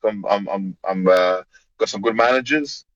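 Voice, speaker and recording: An Australian man, a fighter from South Australia, chatting in a relaxed interview, often repeating words and calling people mate. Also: fairly low pitch, moderate pace, no echo, dull audio, soft background music. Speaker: guest, mixed martial arts fighter. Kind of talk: casual interview over a line.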